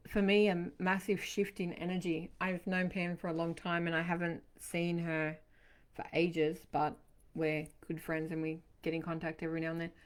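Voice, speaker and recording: Chatty woman doing a live card reading. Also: on the low side. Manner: chatty, reassuring, addresses viewers by name. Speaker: tarot reader.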